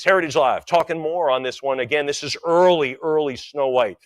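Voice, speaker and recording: A man's voice: a little high, quick pace, hardly any pauses, no room sound. A man working as an auctioneer, calling bids in a rhythmic chant and breaking off into chatty asides about the item. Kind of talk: live auction bid calling.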